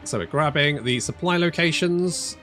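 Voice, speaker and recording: A man's voice: fairly high pitch, moderate pace, sharp tone, faint music behind. A man giving casual commentary while playing a strategy game, thinking aloud, restarting phrases, swearing freely and making dry jokes at his own expense. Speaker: strategy game let's player.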